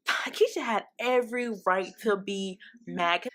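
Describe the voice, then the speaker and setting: A woman casually recapping a TV episode in a candid, profane and animated way. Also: medium pitch, moderate pace. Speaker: TV show recap vlogger.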